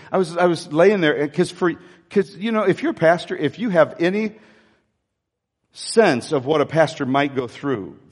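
Older pastor preaching with lively pitch. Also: male voice, in a large hall. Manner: emotional, confessional, with halting restarts. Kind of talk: sermon.

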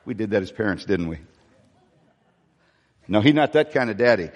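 A man's voice: mid-range voice, big pitch swings, a little fast, long pauses. A male pastor preaching a sermon in a conversational way, with folksy asides. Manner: conversational, with folksy asides and dramatic soft-voiced quotes. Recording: long reverb of a large hall.

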